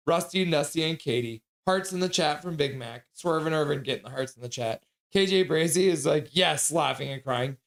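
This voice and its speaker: A man's voice: a little high, fairly bright tone. A man hosting a hockey livestream, reading viewers' chat messages aloud and chatting back casually.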